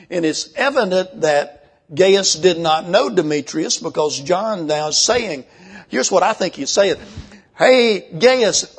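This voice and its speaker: An older man preaching a sermon, folksy and emphatic, slowing down when he reads scripture. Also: fairly high pitch, gravelly, breathy edge.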